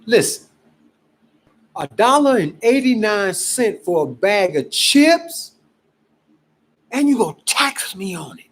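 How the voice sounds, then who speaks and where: A man from Cleveland, Ohio, giving an emphatic, exasperated casual pitch about gold and prices. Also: slow, pauses often, poor audio. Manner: emphatic, exasperated, animated preaching. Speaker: gold promoter. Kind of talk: casual selling pitch to camera.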